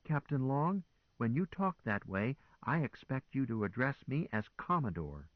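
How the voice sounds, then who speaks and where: A man voicing a calm, teasing woman commodore who gives orders with wry composure. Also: medium pitch, unhurried, dry recording, narrow, tinny audio, voice pushed up. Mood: stern.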